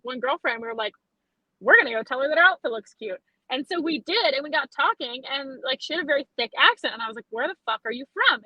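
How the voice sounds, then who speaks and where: A young woman from Alberta chats on a podcast, spinning loose, swear-filled stories. Her voice sits high and bright, recorded close and dry with no room sound. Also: dry recording, muffled recording. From Alberta, Canada. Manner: chatty, profane, animated storyteller. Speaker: podcast guest, western photographer. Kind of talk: casual chat, storytelling.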